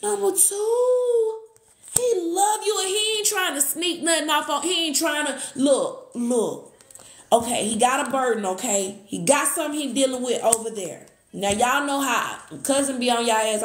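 A woman doing a live tarot reading, excitable, gasping and thanking viewers as she goes. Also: high-pitched, moderate pace. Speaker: tarot reader. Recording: echoey room.

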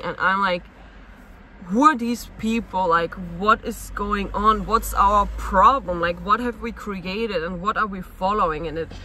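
Woman vlogging to camera, bright sharp voice, restless, keeps firing questions at herself. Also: fairly low pitch, slight background noise, rough recording. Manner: searching, restless, asks herself many questions. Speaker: actress and vlogger. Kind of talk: personal confessional vlog.

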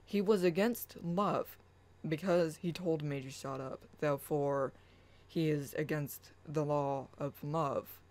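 A spiritual vlogger speaks at an unhurried, drawn-out pace, pausing often and filling the gaps with hesitant fillers. The passages read aloud turn soft and chant-like, in a mid-range voice. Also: medium pitch, low-quality recording. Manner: slow, halting, with many pauses and fillers. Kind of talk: personal rant and reading own blog post aloud.

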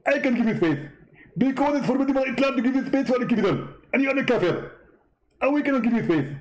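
A boastful, taunting male preacher, put on by a man in a raised, squeaky voice. He rambles fast and crows over every point, the pitch jumping all over the place. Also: animated, rough recording.

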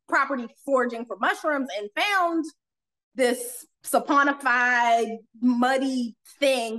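A young adult woman, an autopsy technician, telling stories casually in a podcast interview, animated and laughing often as she acts out what people said. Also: fairly high pitch, rough recording.

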